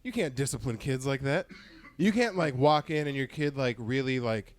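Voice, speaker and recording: A young man in casual podcast chat, loud and animated, breaking into high mocking voices. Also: normal speed. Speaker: podcast host.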